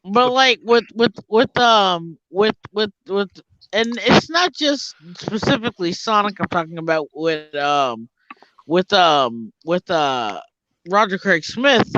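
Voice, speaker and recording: A man's voice: high voice, expressive, takes it slowly, sharp tone, no echo. Casual co-host, male, rambly talker with lots of restarts, lo-fi dry recording. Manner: rambling, many restarts and fillers. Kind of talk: casual chat. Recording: dull lo-fi dry mic.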